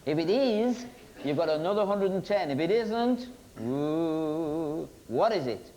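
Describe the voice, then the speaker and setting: A man's voice: high voice, lively intonation, normal speed, mellow. A man hosting a TV quiz show, joking and teasing the contestants. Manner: teasing, jokey banter with contestants. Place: TV studio with audience. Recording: noisy 1990s TV broadcast.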